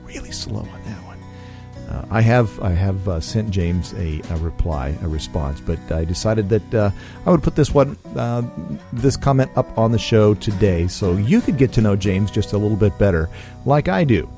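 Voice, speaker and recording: Chatty deep-voiced male podcast host. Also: moderate pace, soft background music. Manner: relaxed, chatty with frequent fillers and restarts. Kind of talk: casual podcast talk.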